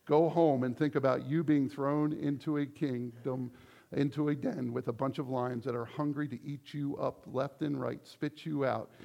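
A male pastor preaching a sermon, animated, acting out quoted voices as he teaches. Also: medium pitch, moderate pace, creaky, muffled recording.

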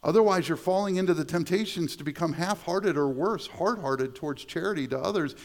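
A man's voice: on the high side, fairly quick. A middle-aged male pastor preaching a sermon in a conversational way, repeating words and adding asides. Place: church sanctuary.

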